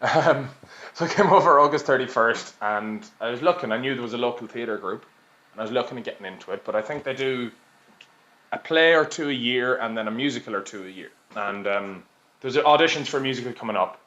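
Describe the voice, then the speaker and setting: The roomy, slightly dull recording captures a young Irishman in his late twenties guesting on a podcast. His mid-range voice is bright and forceful, a little fast, as he tells chatty, self-deprecating stories punctuated by frequent laughter.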